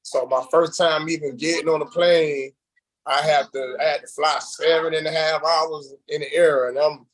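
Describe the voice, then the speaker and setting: A man with a voice pitched a little high for his sex recounts his story in a casual interview. He talks in loose, rambling runs full of fillers, slipping into other people's voices when he quotes them. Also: moderate pace, low-quality recording. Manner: animated, acts out quoted voices. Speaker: reality show contestant guest.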